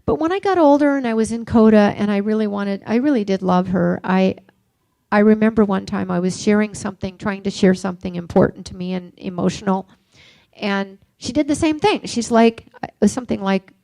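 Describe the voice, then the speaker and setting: An older woman giving a reflective recovery workshop talk, mixing gentle questions with personal stories. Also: medium pitch, fairly quick, vocal fry, no room sound. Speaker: workshop speaker.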